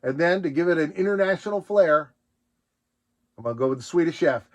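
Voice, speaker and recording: A man with a slightly high voice hosts a relaxed solo Q&A and answers viewer questions. He rambles on playfully and breaks into laughs as he goes. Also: brisk. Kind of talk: casual solo Q&A chat.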